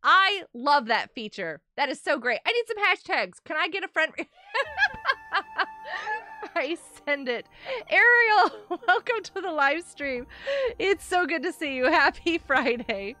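A woman live-streaming a game, chatting excitably with viewers, greeting them by name and often laughing and gasping. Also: high voice, a little slow, faint music behind. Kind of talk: live-stream gameplay chat.

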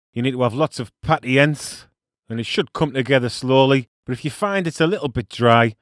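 A man's voice: mid-range voice, no room sound, studio quality. A man with a Teesside accent hosting a cooking show, chatty and jokey, full of local slang and playful French words. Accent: Teesside English. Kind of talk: casual cooking demonstration.

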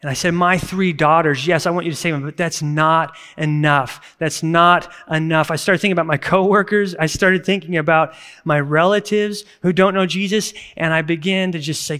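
A man in his thirties preaches a church sermon with a fairly high voice. He talks in an earnest, conversational way, and now and then breaks into sudden emphatic bursts. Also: steady tone, moderate pace, hardly any pauses, fairly bright tone. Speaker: pastor. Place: church service recording.

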